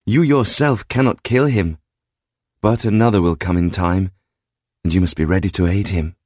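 A man voicing an ethereal goddess mother who speaks calmly in formal, admonishing sentences. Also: deep voice, moderate pace, slightly rough, no room sound, clean studio sound. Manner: calm, admonishing, formal speech. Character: ethereal female goddess mother, stern and wise.

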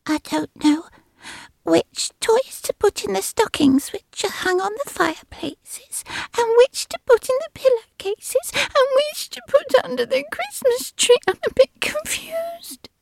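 A woman's voice: very high-pitched, animated, a little slow, vocal fry, no room sound, pitched above the performer's own voice, heavily acted, poor audio. A woman voicing a shy, confused trainee elf who speaks timidly in a whispery voice.

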